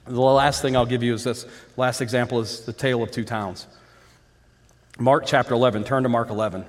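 A man's voice: mid-range voice, fairly even intonation, brisk, in a large hall. A male pastor preaching a sermon with fervour, repeating phrases and asking the congregation questions.

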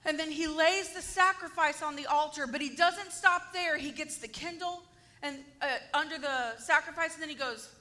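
A woman's voice: high-pitched, moderate pace. A woman teaching a Bible story to a group, acting it out dramatically and asking her listeners questions. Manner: animated, acts out the story and asks the audience questions.

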